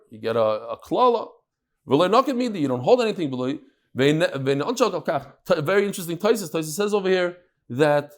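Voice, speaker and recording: A man teaching a daily Talmud class in a lively way, mixing Aramaic terms into English and telling jokes to his listeners. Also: high voice.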